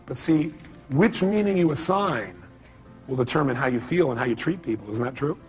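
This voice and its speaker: A man's voice: medium pitch, expressive, moderate pace, soft background music. A man speaking live at a seminar, emphatic and repeating his key phrases, firing questions at the audience. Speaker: motivational speaker. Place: seminar hall.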